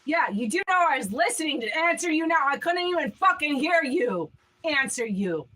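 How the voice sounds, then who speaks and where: A woman in a heated argument, shouting, repeating herself and swearing, at times tearful. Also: sits high, expressive, moderate pace.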